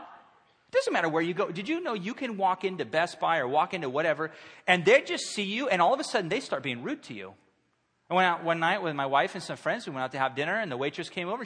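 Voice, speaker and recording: A man in his thirties preaching a sermon in a church, conversational and animated, acting out quotes. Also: fairly high pitch, breathy edge. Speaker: pastor. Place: church sanctuary. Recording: long hall reverb.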